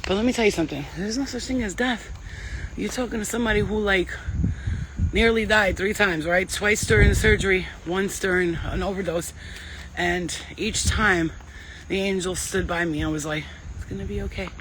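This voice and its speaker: A woman's voice: medium pitch, moderate pace, background noise. A woman psychic medium giving a casual spiritual reading and telling stories in a blunt, chatty way, swearing freely.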